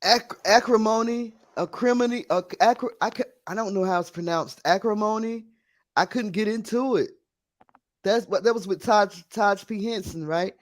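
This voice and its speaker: Man, high voice, live stream host, casual rambling chat, scattered. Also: normal speed. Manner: scattered and chatty, talking to viewers while fixing audio.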